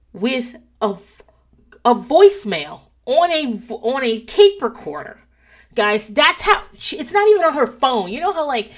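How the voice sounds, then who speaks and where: A married woman hosting a casual talk show, gossiping in an animated, profane way and breaking into laughs as she tells stories. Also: a little high. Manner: animated, profane storytelling with laughs and acted-out quotes. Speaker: podcast host.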